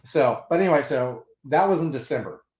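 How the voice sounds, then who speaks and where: Animated rambling man, roomy echo. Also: mid-range voice, brisk. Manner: animated and rambling, with restarts and laughs. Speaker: comics channel host. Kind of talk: casual storytelling.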